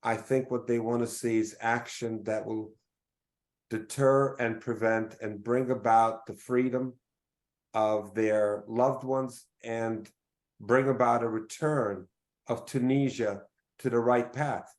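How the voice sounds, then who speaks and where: A middle-aged man delivers a formal statement at a press conference. He speaks in a measured, deliberate way, stopping often on fillers as he builds his points. His voice sits at an ordinary middle pitch. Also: steady tone.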